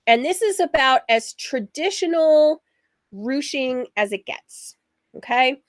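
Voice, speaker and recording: Slow-talking husky woman sewing host. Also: high-pitched, animated, dry recording, studio quality. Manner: rambling, chatty, laughs often. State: husky from allergies. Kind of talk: casual chatty livestream.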